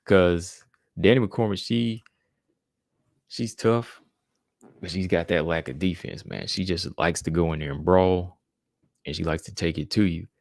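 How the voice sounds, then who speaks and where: A man's voice: deep voice, unhurried, long pauses, darkish tone, no echo, studio quality. A man hosting a podcast, giving a laid-back casual recap of fights and often filling his talk with "man" and "you know". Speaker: podcast host.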